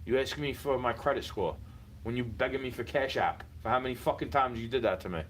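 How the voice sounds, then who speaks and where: A man's voice: medium pitch, brisk, slight background noise, low-quality recording. A man venting in a heated, repetitive personal rant, speaking straight at someone he is fed up with and swearing often. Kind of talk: frustrated personal rant to camera.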